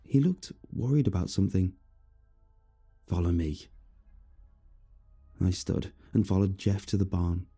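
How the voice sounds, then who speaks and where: Low, gravelly male horror narrator. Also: expressive, moderate pace, few pauses, mellow, soft background music. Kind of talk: first-person horror story narration.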